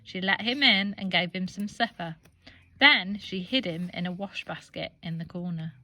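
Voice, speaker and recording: An English woman teacher reading a children's storybook aloud with expressive, animated delivery. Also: on the low side, moderate pace.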